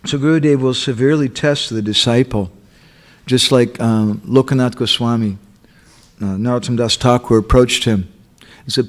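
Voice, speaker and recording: A man's voice: mid-range voice, steady tone, normal speed. Male temple speaker, storytelling sermon, mid-range voice. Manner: acts out quotes, checks in with listeners.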